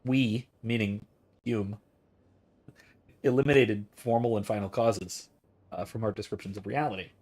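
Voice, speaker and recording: A man's voice: fairly low pitch, steady tone, a little slow, pauses often, darkish tone. A man in his thirties, a streamer talking through philosophy in a casual, rambling way as he thinks aloud and answers chat.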